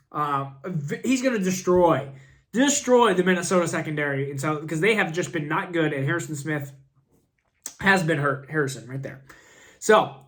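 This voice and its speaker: A man with a fairly high voice gives casual fantasy football picks while sick with a cough. He rambles, restarts his sentences and jokes at his own expense. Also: a bit bright. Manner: rambling and self-deprecating, with frequent restarts. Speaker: fantasy football channel host. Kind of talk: casual advice vlog.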